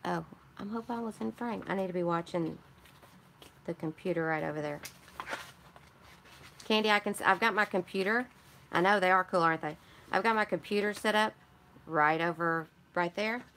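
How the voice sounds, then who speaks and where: A woman with a Michigan accent chats through a casual live stream, wandering from one thought to the next. Her voice sits a little low. She greets viewers and answers their comments as she goes. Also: moderate pace, vocal fry, long pauses, fairly bright tone, slight background noise. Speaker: craft channel host.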